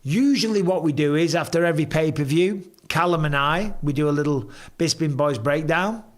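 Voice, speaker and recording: A man hosting a casual live stream from home, chatting and reading viewer comments aloud with quick banter. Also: a little high.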